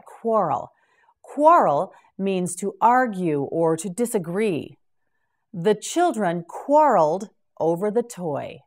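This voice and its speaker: A woman teaching English to beginners, carefully enunciating each word and repeating it in a slow vocabulary drill. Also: medium pitch, a little mellow.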